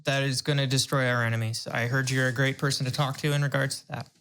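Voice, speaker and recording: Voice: mid-range voice, flat delivery, fairly bright tone. A player in a tabletop game who asks a lot of questions and halts between words. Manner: questioning, halting. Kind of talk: casual tabletop game talk.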